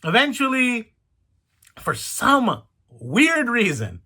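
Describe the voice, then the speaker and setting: Brief: male wrestling reviewer, high lively voice with cracks, chatty and incredulous. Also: slow pace, breathy edge. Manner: chatty, incredulous, rambling asides. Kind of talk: casual review vlog.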